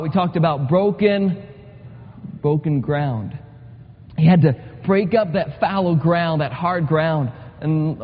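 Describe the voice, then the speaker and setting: A man preaching a sermon in a church, earnest and repetitive, pressing his points with rising urgency. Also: a little high. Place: church sanctuary. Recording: muffled sound with long hall reverb.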